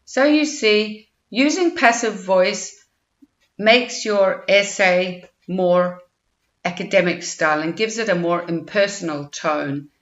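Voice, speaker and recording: A woman delivers a recorded grammar lecture at an unhurried pace, reading out example sentences and explaining each one patiently. Her voice sits at a middle pitch. The sound is slightly muffled and carries the echo of a bare room. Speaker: IELTS teacher.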